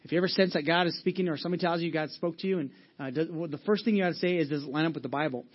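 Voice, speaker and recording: A man preaching a sermon as pastor, energetic and conversational, often restarting his sentences. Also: fairly high pitch, very fast. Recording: dull lo-fi sermon audio.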